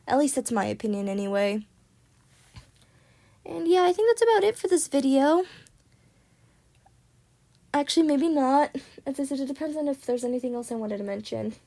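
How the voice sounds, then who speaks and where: Rambling young woman with gravelly fry. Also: on the high side, a little mellow. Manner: rambling, filler-heavy, repeats "as I said". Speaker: YouTuber. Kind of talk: casual vlog talk.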